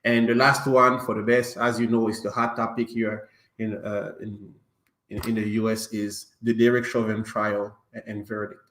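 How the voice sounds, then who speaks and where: A man's voice: on the low side, level tone, normal speed, fairly bright tone. A man hosting an online podcast in a casual, joking manner, with a non-native English accent, many fillers and restarts. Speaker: podcast host. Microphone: online stream call. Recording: echoey room.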